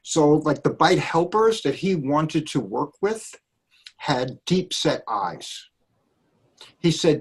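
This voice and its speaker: A man on a dog trainers' panel, chatting casually and telling animated stories, acting out the people he quotes. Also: on the high side, slow pace, breathy edge. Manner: animated storyteller, acts out quotes.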